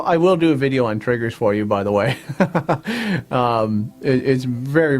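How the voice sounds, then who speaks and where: A man hosting a self-help show, coaxing listeners through affirmations and often checking in with "all right?". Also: medium pitch. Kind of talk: motivational talk to camera.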